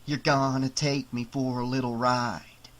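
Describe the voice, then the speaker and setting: A sneering killer doll from a horror audiobook, as a male narrator puts him on. He drags out every threat slowly, his voice bright and edged. Each line sounds like a blade held close. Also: medium pitch, flat delivery, natural voice. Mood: menacing. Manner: slow, snarling threats.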